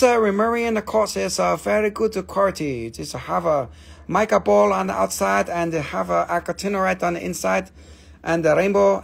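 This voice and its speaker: On a live stream, a man with a high, gravelly voice sells crystals through casual, playful chat. He cracks jokes, gets excited quickly and slips into sales talk in broken English.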